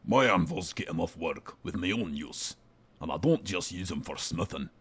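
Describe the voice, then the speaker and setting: A foul-mouthed dwarf blacksmith with a deep, gravelly put-on voice, mocking and crude, as a man voices him for a game. He barks orders and sneers at the listener. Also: lively intonation, normal speed, a bit bright, exaggerated voice. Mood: gruff. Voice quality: deeper put-on voice, not Scottish. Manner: rude, swearing, mocking. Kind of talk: fan voicing of a game character.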